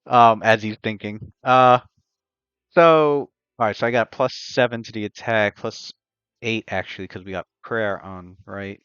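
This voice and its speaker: Low-voiced mumbling man, dull lo-fi mic. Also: a little slow, clean tone, dry recording. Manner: quiet, mumbling, hesitant. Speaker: player. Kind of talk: casual tabletop game play.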